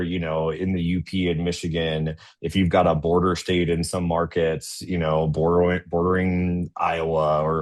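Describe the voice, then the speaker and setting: A man's voice: sits low, a little mellow. A man presenting a business webinar in a casual, conversational way, often checking in with "right?" and talking into a computer mic on a video call. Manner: conversational, tags sentences with "right?".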